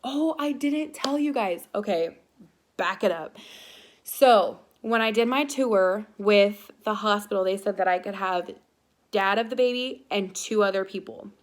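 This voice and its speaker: A young woman speaking casually to her viewers at a mid-range pitch for a woman. She tells a personal story in a loose, chatty way, full of fillers and little restarts. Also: a little slow. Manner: chatty, filler-heavy, animated retelling. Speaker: vlogger.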